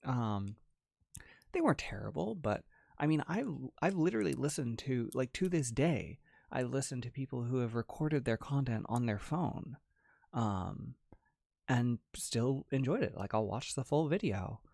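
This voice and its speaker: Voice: medium pitch, lively intonation, measured pace, vocal fry, a little mellow, no room sound, clean studio sound. Giggly, chatty livestream host. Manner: chatty, lots of "like" and restarts, giggles often. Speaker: ASMR creator hosting a livestream. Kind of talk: casual livestream chat, reading out chat messages.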